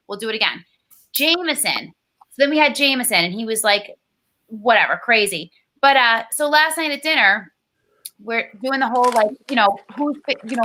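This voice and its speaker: A woman's voice: on the high side, bright, forceful tone. A woman in her thirties chatting casually on a video call, rambling and swearing, full of "like". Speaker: guest. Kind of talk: casual chat.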